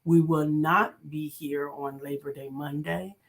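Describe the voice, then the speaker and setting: A woman's voice: deep voice, steady tone, a little slow, creaky. Earnest woman co-hosting a faith talk show. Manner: warm, earnest, praying aloud. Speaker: co-host and coach. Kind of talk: live talk show with spoken prayer.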